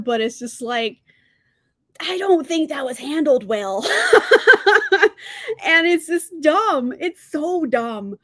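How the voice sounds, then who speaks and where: A woman's voice: fairly high pitch, dry recording, studio quality. A young woman hosting a casual live-stream book review, ranting in exasperation, swearing freely and laughing often. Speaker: book channel host. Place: indoors at home, sipping from a mug.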